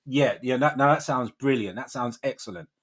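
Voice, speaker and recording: A man's voice: mid-range voice, moderate pace, natural voice. A man putting on his overly polite, pronounced work-call voice, as an eager office worker. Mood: chirpy polite. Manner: bright, pronounced and eager to please.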